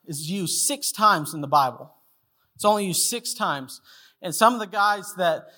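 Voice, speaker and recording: A man's voice: sits high, pushed and bright. A man preaching a sermon, telling a story in a casual way and acting out the people in it. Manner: storytelling, acts out quoted voices. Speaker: pastor.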